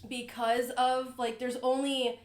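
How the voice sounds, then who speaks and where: Woman co-host, rambling and eager, higher pitch, echoey room. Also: level tone, slow pace. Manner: enthusiastic, rambling with many "like"s. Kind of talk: casual chat.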